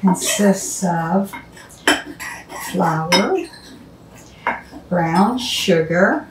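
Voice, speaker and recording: A woman's voice: on the low side, expressive, extremely slow, a little hiss or hum. A woman hosting a home cooking show, chatting casually and rambling into stories as she cooks. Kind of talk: casual cooking demonstration with storytelling. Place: home kitchen. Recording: echoey kitchen, mic at a distance. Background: clatter of dishes and utensils.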